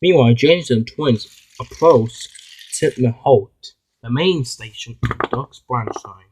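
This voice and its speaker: Halting, husky male storyteller. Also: mid-range voice, darkish tone, poor audio. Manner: halting, frequent restarts. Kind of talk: homemade toy-train story narration.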